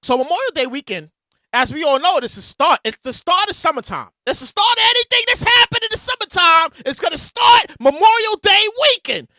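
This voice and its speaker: A man hosting his podcast, telling stories in a loud, animated casual monologue. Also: very high-pitched, fairly quick, dry recording, studio quality. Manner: animated, loud storytelling with bursts of shouting. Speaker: podcast host. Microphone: podcast mic with a soundboard.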